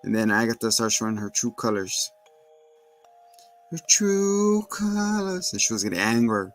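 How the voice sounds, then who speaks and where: Guy with a lowish voice talking through a show episode, faint music behind. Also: little pitch movement, fast, a bit bright, rough recording. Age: adult with children. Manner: retells scenes and acts out the characters' lines in a higher voice. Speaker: show host recapping a TV episode. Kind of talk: casual recap with acted quotes.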